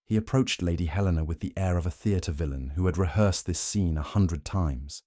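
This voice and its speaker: Deep-voiced man narrating a story. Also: mellow, no room sound, clean studio sound. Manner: measured, formal storytelling.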